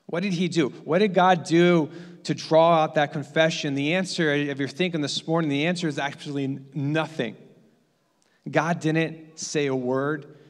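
A man's voice: on the high side, fairly even intonation, normal speed, long reverb tail. A man preaching a sermon as pastor, building his points through emphatic repetition.

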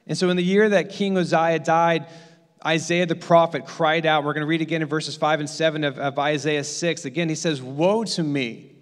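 A man's voice: on the high side, level tone, a little fast, clear, resonant tone, big-room sound. A man preaching a sermon as pastor, building his points through emphatic repetition.

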